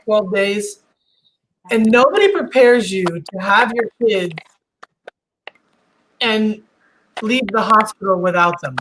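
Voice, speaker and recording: A middle-aged woman chatting casually, telling stories with animated acted-out quotes and frequent laughs. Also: medium pitch, slow, pauses often, slight background noise, poor audio. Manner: animated storytelling, acts out quotes, laughs often. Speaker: host. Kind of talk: casual chat.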